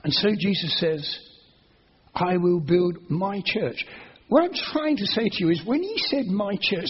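A man's voice: high-pitched, animated, unhurried, slightly rough. A man preaching an expository sermon, explaining carefully and building to emphatic, repeated phrases. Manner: earnest, explanatory, rising to emphatic repetition. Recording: dull lo-fi sermon recording.

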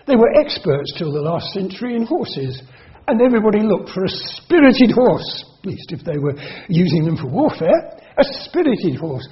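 A preacher with a high voice explains scripture in an earnest, measured way. He slows on key words and repeats them for emphasis. The recording sounds dull and lo-fi. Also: very animated. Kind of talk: sermon.

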